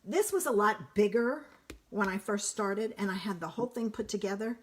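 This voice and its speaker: A woman's voice: medium pitch, a little hiss or hum. A woman demonstrating card making on a live stream, chatting casually and thinking aloud as she works. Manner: chatty, thinks aloud, slow and unhurried, self-correcting. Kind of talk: casual live crafting demo.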